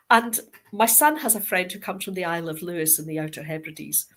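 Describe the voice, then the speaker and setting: A middle-aged Scottish woman, a guest author in an interview, telling stories with lively acted-out quoted dialogue. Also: lowish voice, fairly quick. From Scotland. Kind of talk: interview anecdote.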